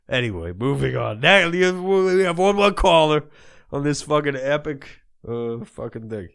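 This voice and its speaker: A man's voice: on the high side, big pitch swings, measured pace, creaky, a bit bright, clean tone. A man hosting a comedy podcast in character, ranting in a profane, rambling monologue.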